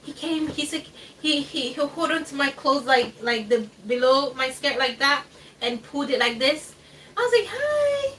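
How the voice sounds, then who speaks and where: A woman's voice: high voice, steady tone, moderate pace, sharp tone. Woman, live cooking chat, rambling, laughs often, home kitchen, mic a bit far off, faint background hiss. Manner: chatty, rambling, laughs a lot, hesitant fillers. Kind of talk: casual livestream chat while cooking.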